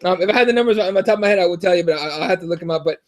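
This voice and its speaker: A young American man co-hosting a podcast, telling stories in a rambling, profane, animated way with lots of restarts. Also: high-pitched, racing. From United States. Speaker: podcast co-host. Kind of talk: casual chat.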